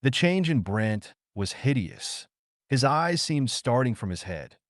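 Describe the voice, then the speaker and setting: A man narrating an audiobook in a measured, suspenseful storytelling manner. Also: medium pitch, big pitch swings, no room sound, clean studio sound.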